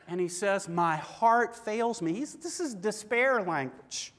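A man's voice: high voice, expressive, takes it slowly, fairly bright tone, in a large hall. A middle-aged man preaching a sermon in a church, earnest and conversational, asking his listeners questions. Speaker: pastor.

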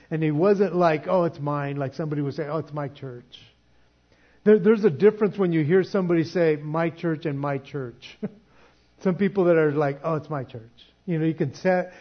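A man's voice: a little high, muffled recording. A man preaching a sermon in a conversational way, often restarting his sentences. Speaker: pastor.

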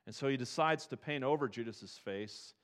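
A man preaching a sermon, telling stories and moving between quiet, reflective passages and loud, emphatic ones. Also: medium pitch, moderate pace. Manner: storytelling, swings from quiet to emphatic.

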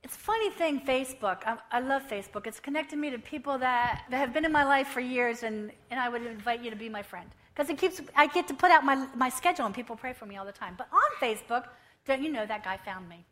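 A woman of about fifty tells her story as a missionary at a church service. Her voice sits high and sounds bright and forceful. She keeps the telling lively and acts out the conversations she describes. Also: fast talker. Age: around 50. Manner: lively storytelling, acting out dialogue. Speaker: missionary speaker. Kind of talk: church testimony.

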